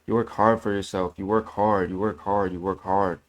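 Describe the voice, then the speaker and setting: A man's voice: deep voice, flat delivery, moderate pace. A man giving a casual, earnest faith talk, repeating himself and correcting his own slips as he goes. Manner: earnest, repetitive, preachy; self-correcting, fillers like "man". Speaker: channel host sharing faith.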